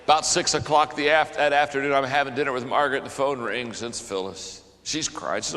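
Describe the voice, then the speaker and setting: An older man preaching to a conference, moving between hushed storytelling and fervent, raised passages. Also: mid-range voice, steady tone, quick pace, few pauses. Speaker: pastor. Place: conference hall. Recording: large hall with long reverb.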